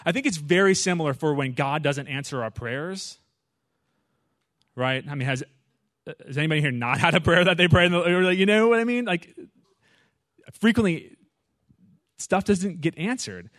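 A man preaching in a conversational, animated way, often asking the audience "right?" and "you know". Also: a little high, normal speed, pauses often, no room sound, studio quality. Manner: animated, acts out his own prayers with rising intensity. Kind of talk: conversational sermon.

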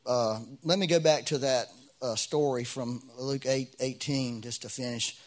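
A man's voice: mid-range voice, unhurried. A middle-aged man preaching a sermon as pastor, in a conversational way with frequent restarts and rising bursts of emphasis.

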